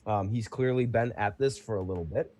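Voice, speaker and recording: A man narrating as game master of a tabletop role-playing game, in a relaxed way. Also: lowish voice, brisk.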